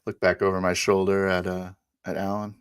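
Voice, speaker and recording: A man playing a tabletop game, describing his character's moves haltingly. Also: low-pitched, little pitch movement, clean tone, no echo, clean studio sound. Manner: hesitant, halting, many uhs. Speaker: player.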